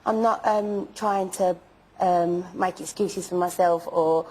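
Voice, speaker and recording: A woman's voice: fairly low pitch, fairly even intonation, slow pace, darkish tone, slightly rough, low-quality recording. A young woman being interviewed, stammering and repeating herself as she insists on her apology. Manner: stammering, repeats words, emphatic denials. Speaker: interview guest.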